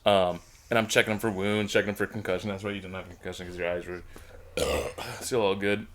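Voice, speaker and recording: A man in casual podcast chat, retelling a friend's crash with excitement, swearing and laughter. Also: sits low, fairly quick, slight background noise. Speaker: podcast co-host.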